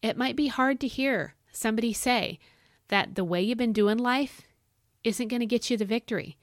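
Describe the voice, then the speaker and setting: There's no echo as a woman hosts her devotional podcast at a moderate pace. Earnest and encouraging, she questions listeners directly, shifting from emphatic, bright highs to soft asides down low, and her voice cracks a little, dry from thirst.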